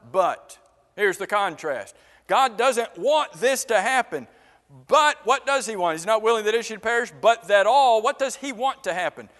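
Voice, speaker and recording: A man's voice: high voice, a bit bright. A man preaching a sermon who keeps asking the congregation questions and repeats words for emphasis. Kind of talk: interactive sermon. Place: church sanctuary. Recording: long church reverb.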